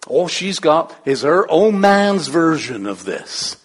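Male pastor, high voice, playful, conversational sermon with rhetorical questions. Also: very animated, slow, breathy edge.

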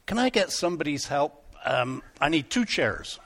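A pastor tells a Bible story to children in church, keeping them in it with questions. His voice sits high and moves with lively energy. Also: moderate pace. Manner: animated, asks the children questions.

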